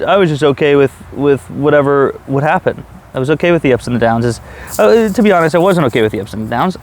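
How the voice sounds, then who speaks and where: A man's voice: fairly high pitch, a little hiss or hum. A man talking to camera in a casual, reflective monologue, rambling with many restarts and fillers. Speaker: vlogger. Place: outdoors.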